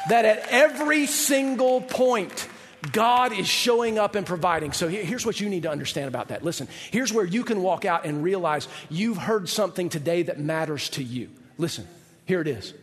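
A man preaching a sermon as pastor, animated and shifting his voice to act out biblical figures. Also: high-pitched, normal speed, big-room sound.

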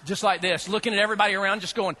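A male pastor preaching a sermon, animated and humorous as he tells the story. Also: high-pitched, rapid-fire.

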